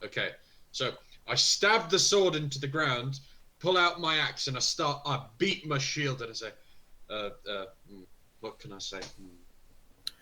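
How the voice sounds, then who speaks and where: A man's voice: mid-range voice, lively intonation, a little slow, pushed and bright, rough recording. A man playing a tabletop role-playing game in casual chat. He talks hesitantly, stammers and mocks himself. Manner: hesitant, stammering, self-mocking. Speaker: player.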